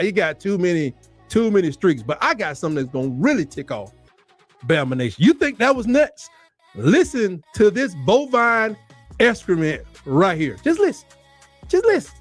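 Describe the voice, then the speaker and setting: A man with a strikingly high voice hosts a sports talk show, ranting in a fired-up, animated way and hammering his points with repetition. Faint music plays underneath him. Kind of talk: heated sports commentary rant.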